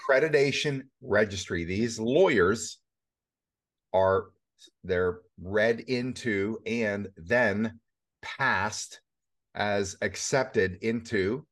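A middle-aged man hosting a conversational interview, talking in animated bursts that rise to emphatic peaks. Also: sits low. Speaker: host.

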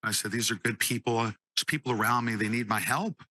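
A man giving an emotional personal testimony, halting and repeating words, at times choked up. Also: mid-range voice, bright, forceful tone, no echo.

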